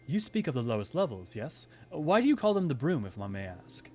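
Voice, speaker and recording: A man's voice: medium pitch, big pitch swings, a little fast, mellow, a little hiss or hum, natural voice. A man voicing a stiff, formal young noble. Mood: earnest. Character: young formal male noble scholar, earnest. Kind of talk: fan reading of game dialogue.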